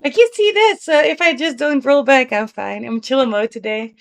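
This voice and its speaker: A woman's voice: high-pitched, very animated, normal speed, gravelly. Sleepy, giggly woman streamer. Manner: chatty and giggly, talking to chat and her pet. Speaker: Twitch streamer. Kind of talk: casual live-stream chat.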